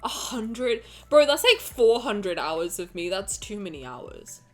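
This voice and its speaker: Excitable young woman streamer, lively pitch. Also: a little slow. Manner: excitable, swears, exclamations, greets chat. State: emotional, near tears. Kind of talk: casual live-stream chat. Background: faint music.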